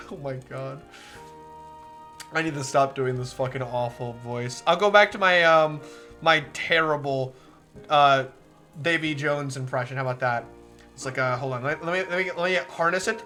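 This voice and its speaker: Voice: mid-range voice, normal speed, sharp tone, faint music behind. A game streamer chatting casually over a live stream, sarcastic, rambling and full of swearing.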